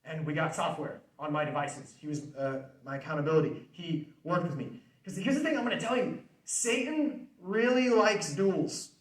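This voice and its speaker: A young man gives an earnest faith-based motivational talk, his voice pitched a little high. He talks conversationally and repeats his key points. The sound is roomy and distant, as if caught from across a hall. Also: brisk, hardly any pauses. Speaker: speaker. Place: student center hall.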